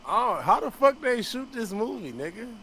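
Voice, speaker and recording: A man's voice: very high-pitched, very animated, moderate pace, crowd noise. A man watching along with a streamer, chiming in with questions and agreement. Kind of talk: casual chat.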